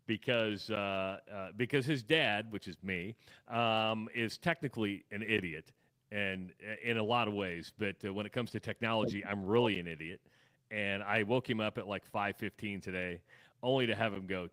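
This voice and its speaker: A man's voice: on the low side, normal speed, fairly bright tone. A middle-aged man with a Midwestern American accent, co-hosting a casual radio show, rambling and self-deprecating with many restarts. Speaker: radio co-host. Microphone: studio microphone.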